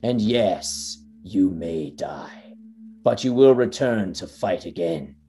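A man's voice: sits low, expressive, slow, mellow. A man co-hosting a podcast, reading dramatic trailer narration and chatting casually, stumbling over words and laughing at his own slips. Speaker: podcast co-host.

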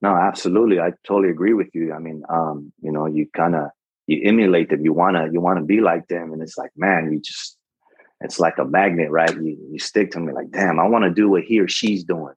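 A man's voice: low-pitched, steady tone, a little fast, husky. A retired Navy chief in his forties, a podcast guest, talking earnestly and encouragingly with plenty of fillers and restarts. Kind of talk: casual interview talk. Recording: dull, muffled podcast audio.

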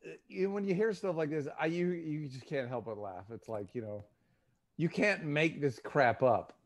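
A man from Texas chimes in on a casual podcast, his fairly high voice swinging up and down with amusement. He talks in halting bursts, leaning on fillers. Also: animated.

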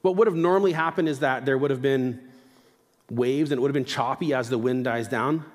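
A man preaching a sermon in a relaxed, conversational manner, dropping his voice low and slow to stress key points. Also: long reverb tail. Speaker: pastor.

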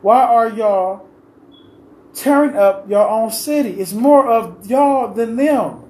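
A vlogger giving his opinion speaks in a very high-pitched voice, slowly and with a darkish tone, in an unscripted and impassioned monologue. He pleads and keeps repeating his questions, rambling and restarting, in a roomy echo with faint ambient noise.

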